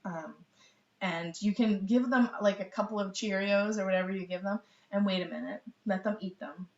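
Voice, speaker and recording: A woman's voice: medium pitch, a little fast, a little mellow. A middle-aged woman teaching baby sign language in a casual, chatty live lesson, laughing often and full of ums. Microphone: webcam. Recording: roomy, distant, dull webcam audio.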